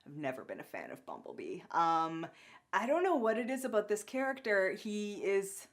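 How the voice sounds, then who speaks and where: A young woman co-hosting a casual podcast, rambling and animated with lots of filler words. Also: medium pitch, moderate pace. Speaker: podcast co-host reviewing a cartoon. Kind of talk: casual chat.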